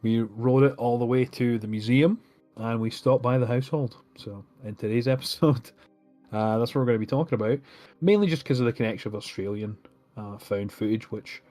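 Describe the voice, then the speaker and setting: A man's voice: mid-range voice, a little fast, mellow, soft background music. A man co-hosting a casual podcast, chatting loosely with frequent laughs and fillers. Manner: laughs often, many fillers. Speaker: podcast co-host.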